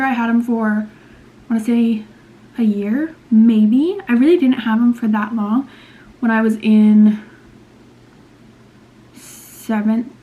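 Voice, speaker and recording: A woman's voice: a little high, mellow. A young woman in her twenties chatting casually to camera at home, rambling and indecisive with lots of fillers. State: out of breath. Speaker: beauty vlogger. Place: at home, indoors. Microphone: camera mic, later phone on a tripod.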